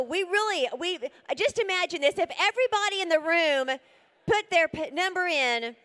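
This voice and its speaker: High, bright-voiced woman auctioneer. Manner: energetic, rapid bid-calling with repeated figures; coaxing and playful with the crowd. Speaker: charity auctioneer. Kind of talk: live charity auction calling.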